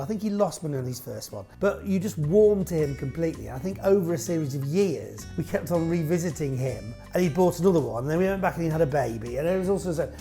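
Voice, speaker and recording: A man's voice: a little high, creaky, mellow. A man chatting casually to camera, answering viewer questions in a rambling, jokey way that keeps breaking off mid-sentence. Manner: rambling, jokey, self-interrupting.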